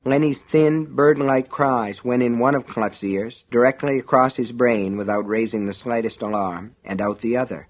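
Male audiobook narrator, mid pitch, steady wry storytelling. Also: moderate pace, few pauses.

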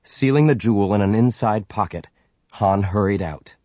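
A man narrating an audiobook with measured, dramatic storytelling. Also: fairly low pitch, darkish tone, no room sound, lo-fi sound. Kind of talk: scripted narration.

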